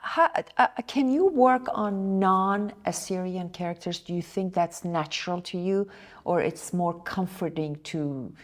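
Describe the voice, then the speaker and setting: A woman's voice: lowish voice, a little slow. A woman interviewer at a convention, asking earnest questions and affirming her guest's answers.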